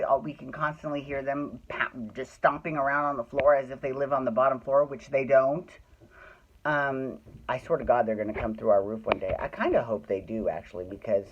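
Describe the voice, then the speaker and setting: A woman's voice: extremely low pitch, dull audio, slight background noise. A woman hosting a soap opera recap podcast, chatting casually at home, swearing freely and ranting with exasperation. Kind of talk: casual venting chat. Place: at home indoors.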